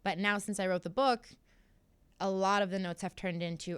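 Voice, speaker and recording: A young woman, a guest fighter, talks candidly in a casual studio interview, animatedly telling her story and acting out what others said. Her mid-range voice is clear and resonant, with a moderate pace and a dry recording.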